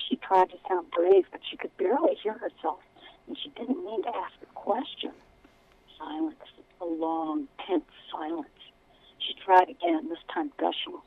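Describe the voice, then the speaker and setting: A woman, a children's author, reading aloud from her book with expressive storytelling in an interview. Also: on the low side, normal speed, dry recording, narrow, tinny audio.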